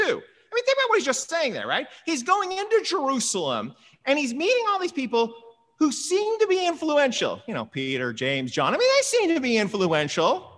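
Animated preacher in a reverberant hall. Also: high voice, normal speed. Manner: animated, emphatic, with frequent "right?" asides. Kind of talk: Bible reading and sermon commentary.

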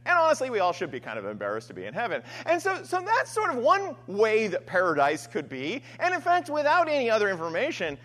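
Male pastor, sermon, chatty and animated, higher voice. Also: fast, hardly any pauses. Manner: conversational, frequent "right?" asides and restarts.

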